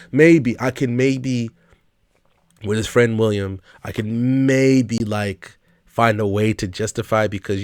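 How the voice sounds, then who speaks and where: A man's voice: fairly low pitch, no room sound, studio quality. A man hosting a reaction video, talking back to the clip he watches in a casual, exasperated way and swearing often.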